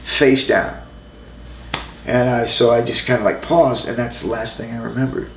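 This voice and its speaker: Middle-aged man, casual halting storytelling, mid pitch, echoey room, faint background hum. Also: fairly even intonation. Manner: halting, loose storytelling full of "you know" asides. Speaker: interview guest. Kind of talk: casual anecdote telling. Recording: roomy with faint ambient noise.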